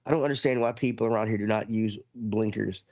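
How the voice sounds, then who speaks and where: A man's voice: on the low side, steady tone, quick pace, darkish tone, no echo. Male podcast host, profane ranting chat, dry and lo-fi. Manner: ranting, swears a lot, laughs. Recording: dull lo-fi sound.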